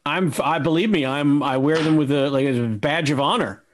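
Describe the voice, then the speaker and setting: A man's voice: fairly high pitch, brisk, slight background noise. A man in his forties, a podcast guest telling easygoing stories in casual chat and laughing often.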